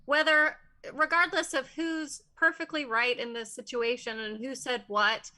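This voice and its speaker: A woman with a high, bright, tense voice joins a casual panel chat. She speaks earnestly, circling back and repeating her phrases as she looks for the right words. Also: steady tone, a little slow. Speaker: panel co-host.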